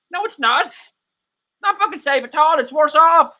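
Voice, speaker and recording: An Irish man co-hosting a casual livestream chat, excitable, swearing and laughing often. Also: extremely high pitch, normal speed. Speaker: co-host.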